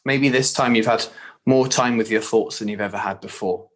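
A man's voice: fairly low pitch, fairly even intonation, moderate pace. A man preaching a sermon, earnest and direct, often posing rhetorical questions to his listeners.

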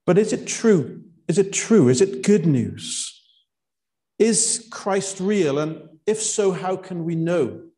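Slow, mellow-voiced male preacher. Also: a little high. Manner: slow, emphatic preaching with dramatic pauses. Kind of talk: sermon.

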